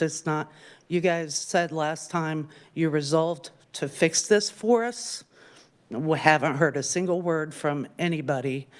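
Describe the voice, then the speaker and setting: A woman testifying before lawmakers as a bereaved parent, grieving and angry, hitting her words slowly and with weight. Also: deep voice. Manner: grieving and angry, slow emphatic stresses. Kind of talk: public testimony.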